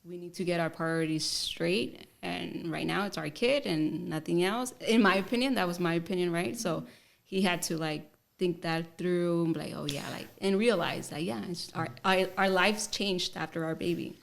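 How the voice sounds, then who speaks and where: A woman's voice: on the low side, moderate pace, creaky. A woman talking as a podcast guest, speaking frankly and straightforwardly about her relationship. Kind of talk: casual conversation.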